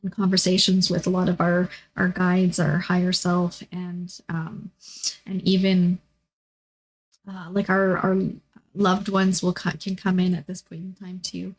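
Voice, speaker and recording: A woman's voice: lowish voice, completely flat delivery, a little slow, rough recording. A woman telling personal stories in a rambling monologue, full of fillers and restarts. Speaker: spiritual vlogger.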